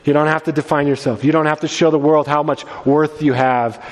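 A male pastor preaching in a loose, conversational style, stumbling over and restarting his phrases as he goes. His voice sits a little high for a man. The sound rings with the long reverb of a large hall. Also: steady tone, brisk. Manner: conversational, restarts often, quotes scripture. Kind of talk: sermon.

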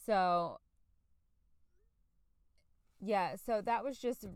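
A woman's voice: lowish voice, smooth, no echo, studio quality. A middle-aged woman hosting a personal podcast, speaking candidly and reflectively, searching for words with fillers and restarts. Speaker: podcast host, parent.

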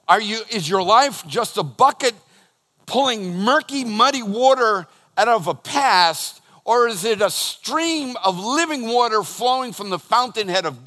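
A middle-aged pastor preaching with a bright, forceful tone that rises and falls from loud emphasis to hushed storytelling. His voice sits a little high for a man. It rings out with the long reverb of a church auditorium. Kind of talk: sermon.

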